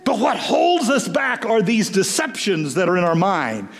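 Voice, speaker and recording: A man preaching a sermon as pastor, telling stories in an animated way with voiced asides. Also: high-pitched, unhurried. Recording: long hall reverb.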